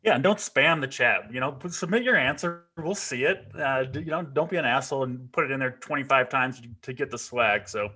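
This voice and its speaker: A man's voice: mid-range voice, lively intonation, a little fast, few pauses, bright, forceful tone. A man joking bluntly as a co-host in casual sports betting talk. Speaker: fantasy sports analyst.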